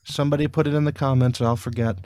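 A man's voice: medium pitch, fairly even intonation, very fast, a little mellow, no room sound, clean studio sound. A man hosting a casual podcast, recapping an episode in a rambling, wry way with lots of fillers and restarts. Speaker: podcast host.

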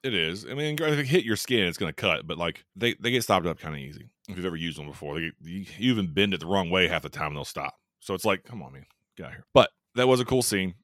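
A man co-hosting a casual movie review show, animated, acting out scenes with quick little voices. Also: sits low, no room sound, studio quality. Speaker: podcast co-host.

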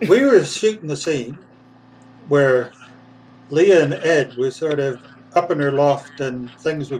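A man, a puppeteer guest, telling a lively anecdote and acting out the voices of the people in it, laughing now and then. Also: on the high side, distant mic, slight background noise, rough recording. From England. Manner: lively storyteller, acts out voices, laughs often.

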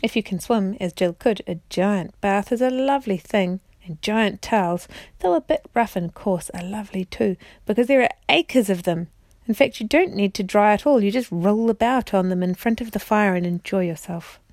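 Woman reading a bedtime chapter book to her kids, gentle and unhurried, a bit of gravel in her voice, dry close sound. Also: medium pitch, no room sound. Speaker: parent reading aloud. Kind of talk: storybook reading aloud.

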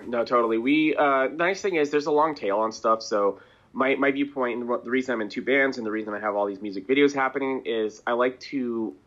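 A man's voice: medium pitch, brisk, fairly bright tone. A man talking at length as a guest in a casual interview, rambling and chuckling between thoughts. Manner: rambling, chatty, chuckles and clears throat. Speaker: band member, interview guest. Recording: dull lo-fi audio.

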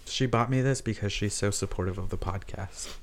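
A podcast co-host in casual chat among friends, playful and animated. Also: deep voice, a little fast, a little hiss or hum.

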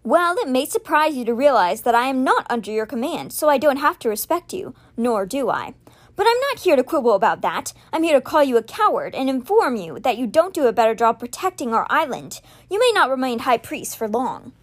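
A woman's voice: sits high, big pitch swings, brisk. A woman voicing an angry, defiant young male wizard confronting his brother, bitter and heated.

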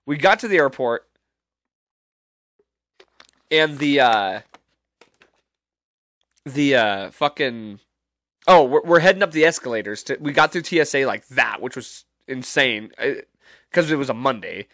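A man's voice: medium pitch, expressive, unhurried, pauses often, a bit bright, dry recording, clean studio sound. A man hosting a podcast, telling a story in a rambling, profane, incredulous way with many restarts. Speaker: podcast host. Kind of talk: casual storytelling monologue.

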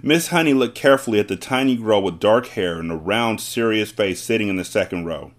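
A man with a lowish, brisk voice hosts a podcast, reading a children's book aloud. Along the way he tosses casual asides to his listeners.

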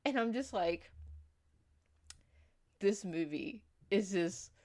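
A young woman co-hosting a podcast, rambling through a movie plot with lots of fillers and quick acted-out quotes. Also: medium pitch, animated, a little mellow. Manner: rambling storyteller, many fillers, acts out quotes. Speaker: podcast co-host. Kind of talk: casual movie recap chat.

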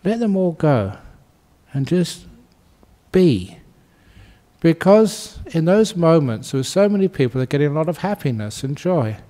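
A man who is a Buddhist monk, giving a gentle, humorous dharma talk, chuckling often and repeating soothing phrases. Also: mid-range voice.

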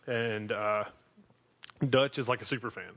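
A podcast host from North Carolina chats loosely about wrestling, his Southern drawl wandering as he keeps restarting his sentences. The voice is lowish and a bit bright, with fairly even intonation and a slightly slow pace.

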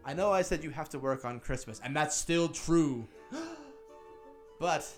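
A man's voice: fairly high pitch, unhurried, lightly acted. A man voicing an old reformed miser who speaks in a brusque, rambling way. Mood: gruff. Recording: roomy echo, faint music.

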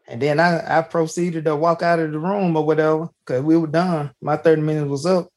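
A man's voice: a little high, little pitch movement, fairly quick, a little mellow. A man hosting a podcast, telling a personal story in a folksy way, often starting with "hey" and restarting his sentences. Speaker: podcast host. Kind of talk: casual storytelling.

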